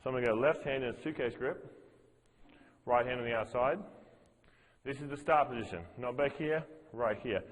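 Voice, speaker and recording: A man's voice: medium pitch, moderate pace, pauses often, big-room sound, low-quality recording. A man teaching as a fitness master trainer, explaining movements to a group step by step and repeating his cues. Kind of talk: coaching a group workshop.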